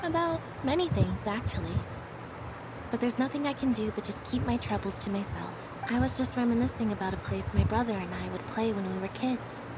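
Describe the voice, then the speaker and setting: A woman voicing a quiet, withdrawn young woman in a video game, speaking softly in a subdued, wistful way. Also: on the high side, a little fast, heavy background noise, close to an everyday voice.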